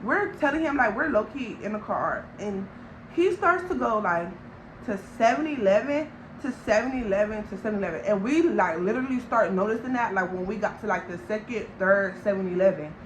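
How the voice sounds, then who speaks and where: A young woman from Long Beach, telling a storytime vlog in an animated, slangy way and talking straight to viewers. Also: mid-range voice, fairly quick, a little hiss or hum, low-quality recording. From Long Beach, California. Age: young adult. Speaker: vlogger.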